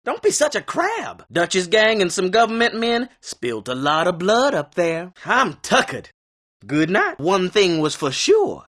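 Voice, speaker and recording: An actor playing a genteel, folksy Old West saloon musician in a video game, polite and full of old-fashioned frontier slang. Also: male voice, high-pitched, wildly swooping pitch, measured pace, a bit bright, exaggerated voice. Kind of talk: video game character barks.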